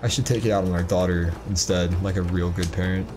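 A man's voice: sits low, steady tone, fairly quick. A young man casually commentating a co-op video game with a friend, joking and teasing. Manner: joking, teasing, bursts into shouts. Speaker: gaming YouTuber. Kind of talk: casual let's-play commentary. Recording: voice over game music.

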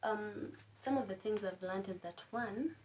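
A young woman with a Kenyan accent talks through her advice in a relaxed, friendly way. She tosses in warm asides and laughs at her own stories, at a middle pitch. A faint hum sits behind her. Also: a little slow. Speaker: guest. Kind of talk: casual advice-giving conversation.

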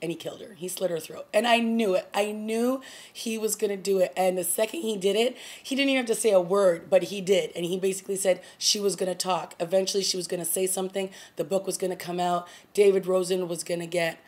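Chatting casually to camera, this adult TV review vlogger walks through scenes with quoted lines and small laughs. She has a mid-range, slightly mellow voice with a steady tone and a quick pace.

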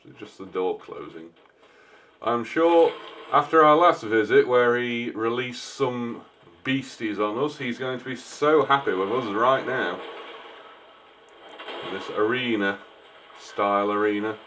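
A man's voice: mid-range voice, measured pace, a bit bright, a little hiss or hum. A man giving casual joking commentary while he plays a game, talking back to the characters. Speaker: gameplay streamer. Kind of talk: casual let's-play commentary.

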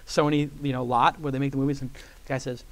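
Speaking fast at a medium pitch, a man being interviewed on stage in front of an audience relates a long anecdote. He's a lively storyteller who imitates the people he quotes and fills his speech with "like."

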